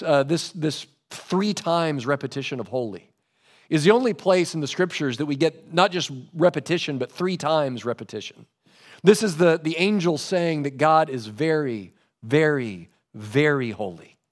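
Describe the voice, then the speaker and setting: A man preaching a sermon, lively in delivery, dropping low and soft when quoting scripture. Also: moderate pace. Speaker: pastor.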